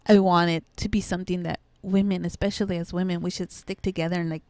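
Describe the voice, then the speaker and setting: A young adult woman guest telling a painful personal story in casual conversation, halting and full of restarts. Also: on the low side, level tone, darkish tone, no room sound. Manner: halting, many restarts and "like"s, voices her child in quotes.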